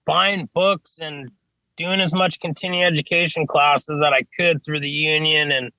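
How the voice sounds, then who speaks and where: A man with a slightly high, steady voice talks at normal speed in a dry, lo-fi recording. He's an HVAC service technician guesting on a podcast, casually rambling through stories in an interview with frequent "you know what I mean" and casual cursing.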